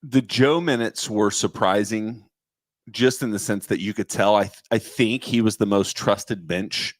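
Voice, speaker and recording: Man, low voice, podcast co-host, casual questions, dry sound. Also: measured pace, no room sound. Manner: conversational, asks questions. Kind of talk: casual basketball chat.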